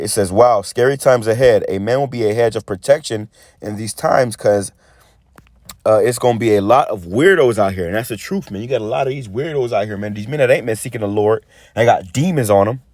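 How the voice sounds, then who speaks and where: A man giving a casual preaching monologue, rambling and stammering as he repeats words, and reading scripture slowly and deliberately. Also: lowish voice, darkish tone, no echo. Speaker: street preacher.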